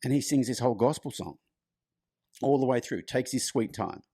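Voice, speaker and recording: A man's voice: medium pitch, moderate pace, warm tone, slightly rough, no room sound, studio quality. A middle-aged man, a horse clinician, telling a long personal story in a loose, chatty way as a podcast guest. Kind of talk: storytelling in conversation.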